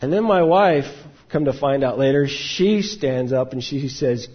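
A man in the role of pastor, telling a personal story in a sermon and acting out the quotes with animated outbursts. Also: mid-range voice, a little slow, slightly rough, highs cut off.

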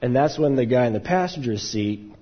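A man in the role of pastor, telling a personal story in a sermon and acting out the quotes with animated outbursts. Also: mid-range voice, fairly quick, lo-fi sound, slight background noise.

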